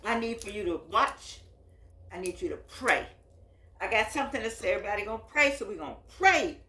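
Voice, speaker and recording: A woman's voice: mid-range voice, lively intonation, brisk, sharp tone. Emphatic woman in her eighties, echoey room. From United States. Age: 80s. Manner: emphatic, repeats phrases, folksy and preacherly. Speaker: host. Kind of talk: impassioned address to camera. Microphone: phone.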